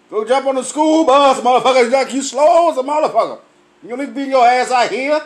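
A man, tipsy from drinking, telling loud, profane comic stories and laughing at his own punchlines. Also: very high voice, expressive. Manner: loud, laughing, heavy cursing, drawn-out punchlines. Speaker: comedian vlogger. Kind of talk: profane comic storytelling rant.

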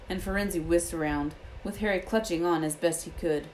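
A woman reading a children's fantasy novel aloud in a steady storytelling manner. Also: fairly low pitch, normal speed, few pauses, slight background noise, rough recording. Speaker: audiobook reader.

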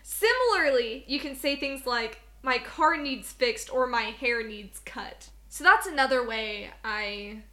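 A woman's voice: high-pitched, expressive, unhurried, hardly any pauses, bright, forceful tone. A young woman co-hosting a podcast, chatting casually, giggling and reading bits aloud from an article. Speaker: podcast co-host. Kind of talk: casual chat.

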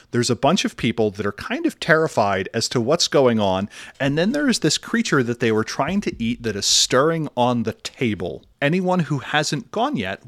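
A man running a tabletop role-playing session, narrating scenes in a relaxed, wry, descriptive way. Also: medium pitch, no echo. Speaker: game master.

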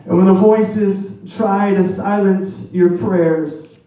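High-voiced preacher guy, fired up and repeating himself, heard far off in a big echoey room. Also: steady tone, slow, mellow. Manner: impassioned, repetitive exhortation. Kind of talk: sermon.

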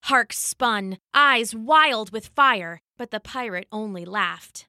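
Expressive woman narrating a children's story. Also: fairly high pitch, slow, few pauses, no echo, studio quality.

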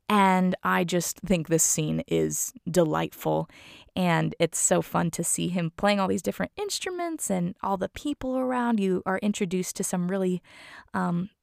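A woman hosting a podcast in a chatty, gushing way, with a gravelly, fry-tinged voice that sits a touch low. She is recorded close and dry, with no room sound. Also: a little mellow, dry recording. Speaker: podcast host. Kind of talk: casual chat and reading aloud.

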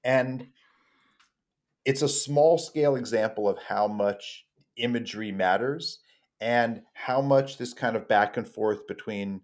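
A man co-hosting a podcast, talking in a reflective, measured way. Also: medium pitch. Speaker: podcast co-host. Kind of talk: conversational podcast discussion.

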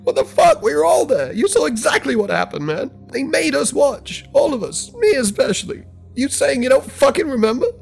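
A man's voice: extremely high pitch, sing-song, normal speed, creaky, hardly any pauses, faint music behind, voice pushed up, full character voice. A man voicing a traumatized young man, sobbing, panicked and swearing in a horror story. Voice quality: shaky, tearful, sobbing.

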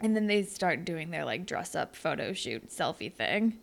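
A woman's voice: lowish voice, moderate pace, vocal fry. A young woman co-hosting a podcast, chatting casually and acting out characters' lines. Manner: animated, lots of "like" and quoting characters. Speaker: podcast co-host. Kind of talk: casual recap chat.

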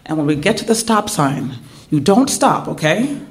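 A woman's voice: sits low, big pitch swings, moderate pace. A woman doing a breezy, bossy instructor. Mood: instructing. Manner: matter-of-fact instructing, dismissive reassurance.

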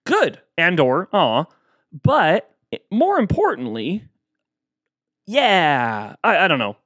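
A man's voice: mid-range voice, fairly bright tone, no echo, studio quality. A man hosting a casual solo podcast, chatting playfully and acting out both sides of imagined exchanges.

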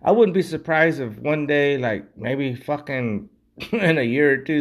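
A man's voice: on the high side, measured pace. Man ranting, swearing nonstop. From United States. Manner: profane, rambling, heavy swearing. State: drinking beer. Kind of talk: casual rambling rant.

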